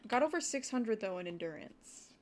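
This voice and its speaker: A woman's voice: medium pitch, normal speed. Chatty young woman streaming a game. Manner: chatty, rambling, talks to chat, gushes with excited gasps. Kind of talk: casual livestream commentary.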